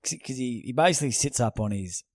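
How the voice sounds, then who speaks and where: A man's voice: medium pitch, animated, quick pace, a little mellow, no echo. A man, co-hosting a podcast in casual chat, swearing freely and rambling with restarts. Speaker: podcast co-host.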